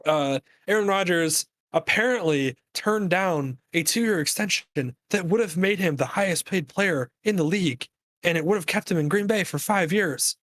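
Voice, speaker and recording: A man co-hosting a podcast, talking sports in a casual, animated, rambling rant full of fillers. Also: high-pitched, normal speed. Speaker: podcast co-host.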